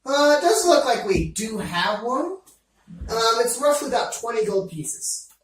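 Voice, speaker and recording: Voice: mid-range voice, big pitch swings, measured pace, very echoey, recorded from a distance, a little hiss or hum, pitched above the performer's own voice. A game master voicing a tipsy female shopkeeper who slips into a put-on Scottish accent, with cheery, hospitable patter.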